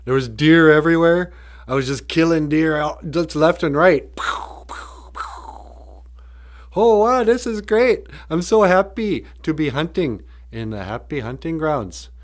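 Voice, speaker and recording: A man voicing an excited male hunter who gushes about his afterlife, his voice pitched up. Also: moderate pace, close to an everyday voice. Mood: thrilled. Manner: gushing, excited.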